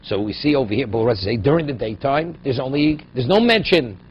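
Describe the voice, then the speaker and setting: A man's voice: mid-range voice, lively intonation, fairly quick. Man teaching Talmud. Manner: explains Aramaic phrases in English, asks "right?" often. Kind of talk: daily Talmud class. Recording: dull lo-fi recording with faint noise.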